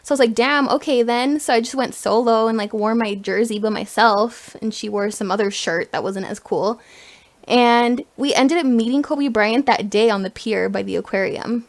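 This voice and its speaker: A young woman co-hosting a casual podcast. Her voice sits a little high, and she tells stories animatedly with bits of laughter. The tone stays loose and conversational. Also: moderate pace. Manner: animated, laughs while telling a story. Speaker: podcast co-host. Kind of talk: casual chat and storytelling.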